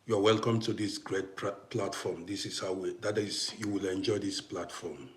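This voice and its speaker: A man from Africa, host of a live stream, chatting casually with viewers and turning heated and loud as he answers a critic. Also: low-pitched, fairly even intonation, normal speed, reverberant. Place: home in Austria.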